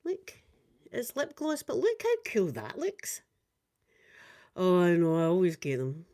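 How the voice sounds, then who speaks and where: A Scottish woman in her fifties, chatting casually with viewers on a live stream, rambling and swinging up and down in pitch. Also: huge pitch swings, unhurried, dark tone. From Scotland. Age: 50s.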